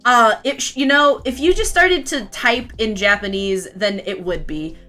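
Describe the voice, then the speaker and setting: Bright, giggly young woman streamer. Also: a little high, normal speed, faint music behind. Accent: vaguely Southern US. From Florida, US. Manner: rambling, giggly, chatty. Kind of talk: casual chat while drawing and reading chat.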